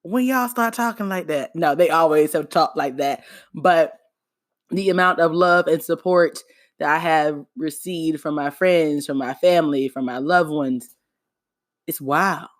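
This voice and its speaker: A woman's voice: sits low, fairly even intonation, a little slow, no room sound, clean studio sound. A woman hosting her own podcast, talking alone in a playful, sarcastic, chatty way. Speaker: podcast host. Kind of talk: casual solo podcast monologue.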